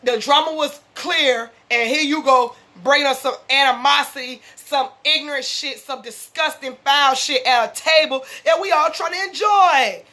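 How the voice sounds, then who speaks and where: A high-voiced woman. She recaps a reality show in a fired-up, profane, casual rant. Her tone is bright and sharp. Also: moderate pace, hardly any pauses. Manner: fired-up, blunt, heavy profanity. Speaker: reality show reaction vlogger.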